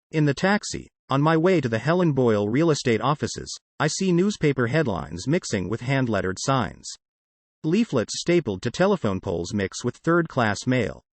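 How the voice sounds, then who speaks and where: Man narrating an audiobook, lively pitch. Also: no room sound. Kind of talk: first-person novel narration.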